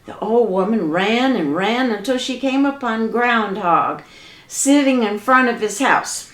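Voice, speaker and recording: Woman storyteller, slow dramatic delivery, higher voice, roomy recording. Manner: lively, dramatic, folksy. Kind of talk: folk tale storytelling. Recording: echoey room.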